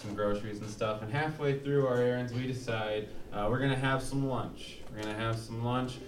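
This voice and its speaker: A man's voice: mid-range voice, fairly even intonation, normal speed. A man doing live stand-up comedy, telling a rambling, profane, self-mocking story to an audience. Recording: echoey room, from far off, loud noise. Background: audience laughter.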